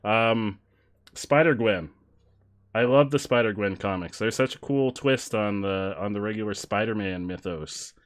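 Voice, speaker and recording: A man's voice: on the low side, unhurried. A male streamer chatting casually with his viewers while playing, joking and laughing often. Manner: joking, laughs often, reads chat aloud. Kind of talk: casual live-stream chat while gaming.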